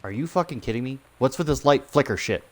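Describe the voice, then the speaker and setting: A man commenting on a video game he plays alone in a dark room, swearing often and getting loudly frustrated. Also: medium pitch, expressive, quick pace. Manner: swears constantly, frustrated and loud. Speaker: gamer streaming a playthrough. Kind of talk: profane let's-play commentary.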